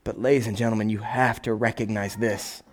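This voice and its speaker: A man preaching a sermon, animated and conversational, acting out little voices and asking "right?" again and again. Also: fairly low pitch, a little fast. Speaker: pastor.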